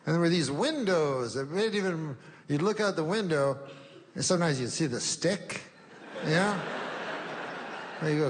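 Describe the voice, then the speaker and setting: A man doing stand-up comedy in a deadpan, rambling way. His voice sits a little high and carries a long hall echo, with faint background noise in the room. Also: moderate pace, pauses often.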